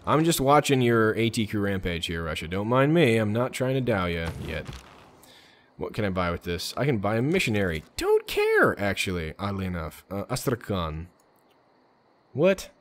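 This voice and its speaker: A man's voice: on the low side, expressive, fairly quick, a little hiss or hum. A man hosting a let's play, chatting casually and muttering orders to his game units. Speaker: gaming channel host.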